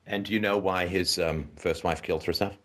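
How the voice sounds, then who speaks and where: A man's voice: low voice, fairly even intonation, brisk, a bit bright. A man hosting a call-in show, asking callers probing questions and breaking in with short checks. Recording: phone call on a talk show.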